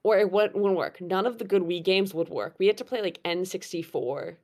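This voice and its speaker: A young woman telling a personal story in a relaxed chat, her voice sitting a little low for a woman. She talks in an animated way, laughs often, and leans on fillers as she goes. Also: fairly quick. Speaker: guest storyteller.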